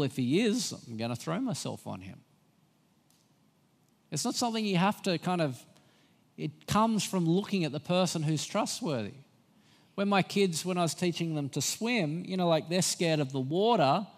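Slow earnest male preacher, echoing hall. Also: high-pitched. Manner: slow, earnest, gentle when quoting, rising with emphasis. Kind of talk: sermon. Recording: long hall reverb.

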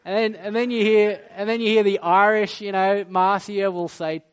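A man preaching from the front of a church, with a voice that sits a little higher than most men's. He talks in a lively, storytelling way with playful asides, and his delivery softens into earnest prayer. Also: moderate pace, slight background noise. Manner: animated, playful storytelling that turns quiet and solemn in prayer. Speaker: pastor. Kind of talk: sermon and prayer.

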